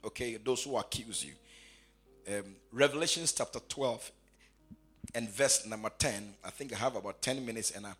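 A man preaching a sermon who repeats his phrases and swings from quiet asides to shouted, sing-song proclamation. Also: lowish voice, normal speed, slightly rough, soft background music.

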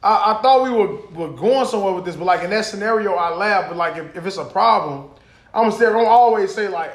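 A man with a high voice chatting casually on a podcast, full of laughter and swearing. His voice bounces around an echoey room. He tells stories by acting out what people said. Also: fast talker. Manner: laughing, profane, animated storytelling. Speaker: podcast co-host. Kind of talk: casual chat.

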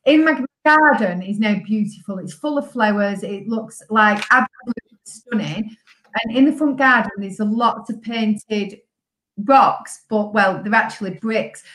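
A woman's voice: medium pitch, a little slow, a bit bright. A woman, a guest on a recovery podcast, speaking in an upbeat, emphatic way and repeating words for stress. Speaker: guest, sobriety coach. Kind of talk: casual podcast chat. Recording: echoey room.

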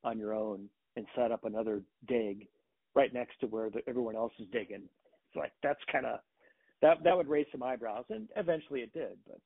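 A man's voice: mid-range voice, a little fast, vocal fry, husky, no echo. A man chatting casually about a film, hesitant with many restarts and fillers. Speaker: movie podcast co-host. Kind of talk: casual chat. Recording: tinny phone-like line.

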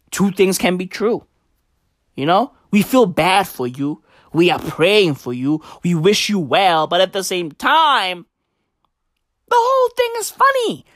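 A woman's voice: lowish voice, dry recording, studio quality. A woman hosting a podcast, ranting comically with constant swearing and rhetorical questions. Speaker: podcast host. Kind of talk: profane comedic rant.

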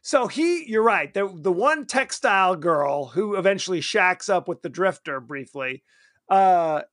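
Guy cohosting a movie podcast, high lively voice, dry close sound. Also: no room sound. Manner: animated, acts out characters in quoted voices. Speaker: podcast co-host. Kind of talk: casual movie review chat.

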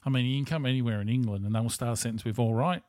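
A man's voice: mid-range voice, fairly even intonation, racing, darkish tone, dry recording. An Australian man rambling through a casual monologue as a podcast host, blunt and profane.

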